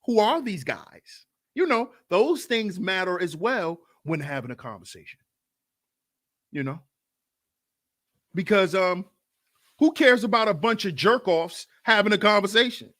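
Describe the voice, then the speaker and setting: A man hosting a livestreamed podcast, talking in an animated, mocking way and often asking "you see?". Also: sits high, a little slow, long pauses. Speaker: podcast host. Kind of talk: livestream commentary.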